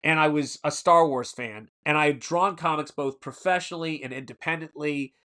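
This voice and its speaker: A man's voice: on the high side, normal speed, sharp tone. A man in his forties hosting a casual live stream, telling rambling stories and stopping to answer the chat. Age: 40s. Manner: rambling storyteller who answers chat mid-story.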